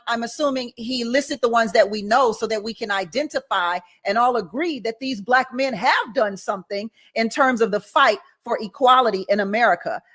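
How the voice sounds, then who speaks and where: Brisk woman moderating a panel. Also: fairly high pitch, a bit bright. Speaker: debate moderator.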